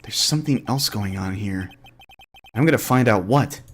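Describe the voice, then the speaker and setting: A man's voice: on the low side, normal speed, faint music behind, lightly acted. A man voicing an earnest young male defense attorney, reading game dialogue aloud.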